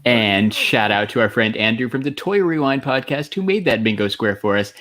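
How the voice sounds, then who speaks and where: A man co-hosting a casual podcast, upbeat as he reads out shout-outs. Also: medium pitch, expressive, normal speed. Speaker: podcast co-host. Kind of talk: casual chat.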